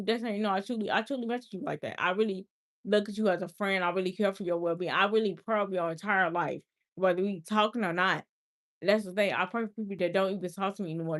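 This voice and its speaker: A woman's voice: mid-range voice, a bit bright. A woman hosting a casual livestream, talking earnestly and repeating herself. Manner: earnest, repetitive, heartfelt talk. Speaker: livestream host.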